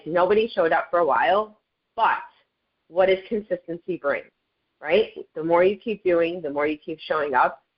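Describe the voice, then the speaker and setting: A middle-aged woman, speaking on a video call as a guest speaker on a network marketing call. She gives a chatty, upbeat motivational testimony and keeps addressing listeners as "you guys.". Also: fairly low pitch. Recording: dull lo-fi call audio.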